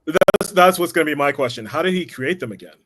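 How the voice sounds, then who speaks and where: A man in a casual movie review, speaking in a measured way and explaining points with industry terms. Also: a little high, lively intonation, very noisy.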